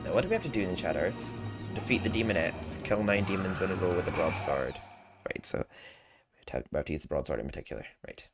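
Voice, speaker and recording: A man's voice: low-pitched, lively intonation, fast, gravelly. A man streaming casual gameplay commentary, chatty, laughing often and swearing. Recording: game music underneath.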